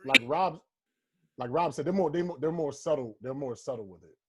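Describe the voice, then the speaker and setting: A man's voice: a little high, animated, fairly quick, a loud crowd. A man comedian co-hosting a podcast in casual, profane banter, rambling and slipping into mocking voices for his bits. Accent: American.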